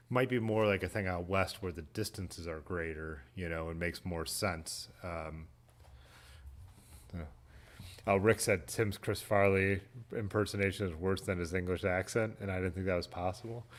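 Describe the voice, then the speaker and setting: Man, low voice, casual livestream host, laid-back, rambling, laughs easily. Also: fairly even intonation, a little slow. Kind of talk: casual live-stream chat reading viewer comments.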